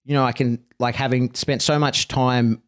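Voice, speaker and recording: A man talking loosely on a podcast at a middle pitch, circling back on his points and checking in with "right?" at the end of nearly every thought. He swears offhandedly and keeps a relaxed, conversational flow. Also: normal speed. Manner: rambling, lots of "right?" and "like"; swears casually. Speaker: podcast host and dog trainer. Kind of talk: casual podcast chat.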